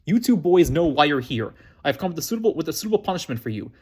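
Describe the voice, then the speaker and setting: Man voicing a stern lady principal, storybook reading, slow measured delivery, slightly raised voice. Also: fairly high pitch, sing-song, a little mellow, husky. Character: stern woman school principal.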